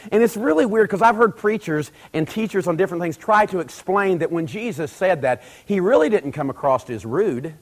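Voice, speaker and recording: A middle-aged man delivering a sermon with a slightly raised pitch. He talks to the congregation like a conversation, then pushes hard on key lines. He slips into other people's voices when he retells exchanges. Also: lively intonation, fairly quick, hardly any pauses. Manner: conversational, building to loud emphatic peaks, acts out quoted dialogue. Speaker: preacher.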